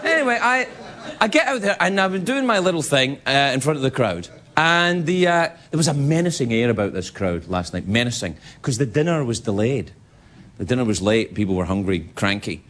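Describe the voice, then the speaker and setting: A man doing live stand-up comedy with animated, punchy delivery and repeated punchlines. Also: medium pitch, a little fast. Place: comedy venue with a laughing audience. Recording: live show with loud crowd and noise.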